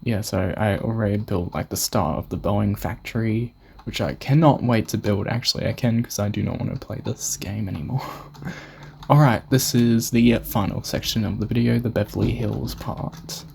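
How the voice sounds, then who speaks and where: A man's voice: fairly low pitch, moderate pace, creaky, darkish tone, a little hiss or hum. Rambling young Australian guy touring a game build. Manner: rambling, swears often, self-mocking. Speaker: gamer showing a build. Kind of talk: casual gameplay narration.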